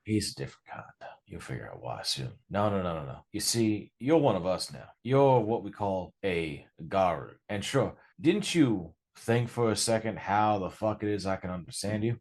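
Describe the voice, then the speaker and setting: A man voicing a gruff, swearing male werewolf street tough with a put-on Southern drawl, talking roughly to a newcomer. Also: fairly low pitch, expressive, moderate pace, hardly any pauses, a little mellow. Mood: urgent. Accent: Southern American drawl, put on. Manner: swearing, rough, fatherly talk. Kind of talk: tabletop role-play voicing.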